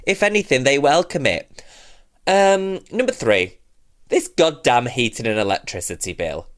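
A man's voice: mid-range voice, expressive, moderate pace. A man co-hosting a podcast, chatting casually and ranting animatedly, swearing freely. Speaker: podcast co-host. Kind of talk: casual comedic chat.

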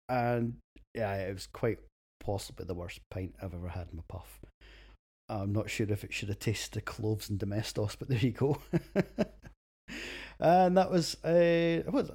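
A man's voice: lowish voice, warm tone. A Scottish man hosting a beer podcast, reading a casual, crude, self-mocking script and laughing at his own jokes.

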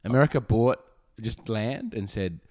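A man's voice: lowish voice, normal speed, dark tone. A man, hosting a comedy podcast and rambling playfully in casual chat. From Australia. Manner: rambling, jokey, daydreaming aloud.

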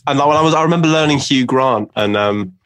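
A man's voice: mid-range voice, quick pace, fairly bright tone, clear, resonant tone, no room sound. A young man, a podcast guest, talking hesitantly and self-deprecatingly in casual chat.

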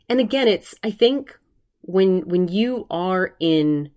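A woman's voice: on the low side, lively intonation, takes it slowly, a little mellow. A woman hosting a solo podcast, talking earnestly and rambling with many restarts, emotional while recovering from covid. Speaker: podcast host.

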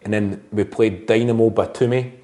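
A man's voice: on the low side, steady tone, moderate pace, dark tone. A Scottish comedian in his thirties, a guest telling wry, self-deprecating stories in casual conversation. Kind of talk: casual interview chat.

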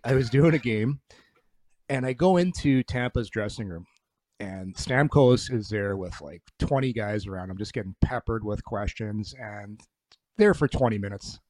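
A man's voice: fairly low pitch, a little mellow, dry recording. Ex-player broadcaster, man, rambling anecdotes with restarts, dry close sound. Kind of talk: casual chat, storytelling.

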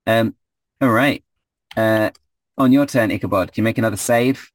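A man's voice: on the low side, moderate pace. A man running a tabletop game as game master, hesitant with many fillers.

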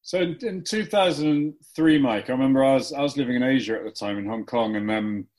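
A man hosting an interview, asking casual questions with halting restarts. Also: medium pitch, darkish tone, faint music behind.

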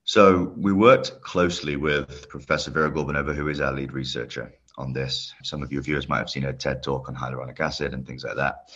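A man's voice: a bass voice, fairly even intonation, brisk, fairly bright tone, slightly rough. A man from the UK as a podcast guest, explaining his work with enthusiasm. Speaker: guest, longevity company head. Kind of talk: podcast interview. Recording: dull lo-fi sound.

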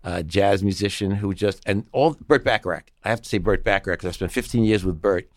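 A middle-aged man talks in a lowish voice, spinning casual anecdotes about his work as a musician and producer. He slips into the voices of the people he quotes. The sound is close and dry. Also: a little fast, no echo. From Long Island, New York. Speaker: guest, session musician and producer. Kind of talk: casual storytelling interview.

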